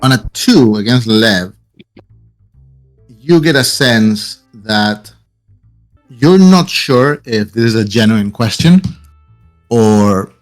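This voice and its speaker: A man running a tabletop game as game master, giving measured, matter-of-fact rulings. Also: fairly low pitch, animated, faint music behind.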